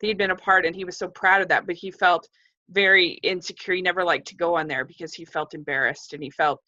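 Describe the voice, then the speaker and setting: A woman co-hosting a casual film discussion, speaking in a measured, hesitant way as she gently disagrees. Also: fairly low pitch, fairly even intonation. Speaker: film podcast co-host. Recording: dull lo-fi sound.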